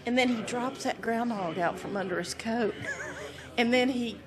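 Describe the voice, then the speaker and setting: Animated woman telling a story, slightly high voice. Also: moderate pace, crowd noise. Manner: animated, laughing storyteller acting out scenes. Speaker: podcast guest, animal wrangler. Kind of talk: casual storytelling.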